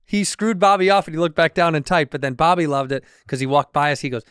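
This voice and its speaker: Quick, slightly high-voiced man, comedy podcast co-host, teasing. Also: a bit bright, clean tone, no echo, studio quality. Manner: fast, teasing, laughing often. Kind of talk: casual comedy podcast chat.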